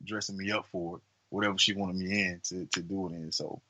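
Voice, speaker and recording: A man co-hosting a podcast, telling a long story in a casual, rambling way with many fillers and lively acted-out voices. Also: sits low, a little fast, noisy background. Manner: animated, acts out quoted voices. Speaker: podcast co-host.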